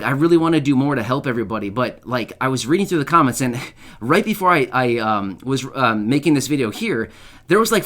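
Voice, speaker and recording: A man's voice: on the high side, sharp tone. A man hosting his own channel, talking casually and earnestly to his viewers, rambling with lots of fillers and heartfelt asides. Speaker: channel host. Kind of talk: casual to-camera talk.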